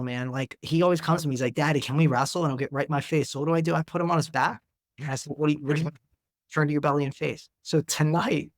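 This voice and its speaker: A man's voice: a little high, dry recording, studio quality. A man in his thirties, a psychiatrist talking as a guest in an interview, earnest and conversational, tagging "man" and "right?" onto his points. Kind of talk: casual interview talk.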